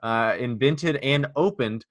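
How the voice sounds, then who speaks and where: A man's voice: mid-range voice, takes it slowly, dry recording, clean studio sound. A man hosting a casual podcast chat, joking and rambling with many restarts. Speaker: podcast host.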